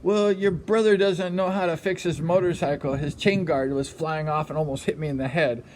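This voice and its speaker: A man's voice: on the high side, steady tone, moderate pace, darkish tone, slight background noise, natural voice, poor audio. A man voicing an irritated, dismissive speedway champion in a retold story. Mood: annoyed.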